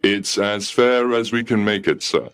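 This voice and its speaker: A man voicing a polite, unbending male receptionist at heaven's gate who speaks formally and calmly. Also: lowish voice, measured pace, clean tone. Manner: formal, calm, coolly polite.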